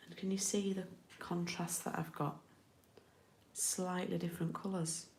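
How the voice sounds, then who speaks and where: A woman's voice: on the low side, flat delivery, unhurried, a little mellow, reverberant, slight background noise. A middle-aged woman from the UK giving a casual card-making tutorial, chatty and often checking in with her viewers.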